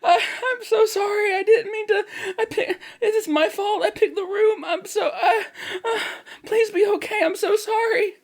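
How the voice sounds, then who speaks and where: A man voicing a panicked, sobbing young man in a frantic, very high, strained voice, heard from off mic. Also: normal speed, creaky, few pauses.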